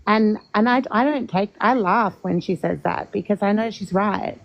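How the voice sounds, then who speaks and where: A woman's voice: mid-range voice, normal speed, vocal fry, highs cut off. A woman in a casual group podcast chat, speaking candidly and laughing at herself. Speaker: podcast guest.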